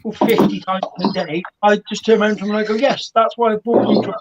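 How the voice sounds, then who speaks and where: A man's voice: high-pitched, steady tone, fairly quick, noisy background. A man chatting casually on a video call, with dry, joking asides. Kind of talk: casual group chat. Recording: dull lo-fi video call audio.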